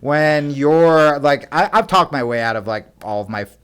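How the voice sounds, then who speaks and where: A man's voice: on the high side, moderate pace, clear, resonant tone. A young adult man from the United States, a comedian guest telling rambling, profane stories full of fillers in casual chat. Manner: rambling, profane, animated anecdotes with many fillers.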